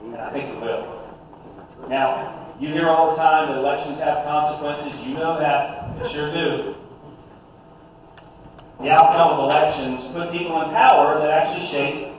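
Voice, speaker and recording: A man's voice: fairly high pitch, fairly even intonation, normal speed, long pauses. A middle-aged man with a Southern US accent from South Carolina, giving a joking, conversational speech to a political meeting crowd. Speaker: guest speaker at a political meeting. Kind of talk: live public speech. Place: large meeting hall, indoors. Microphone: distant from the microphone. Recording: echoey hall recording from far off, with noise.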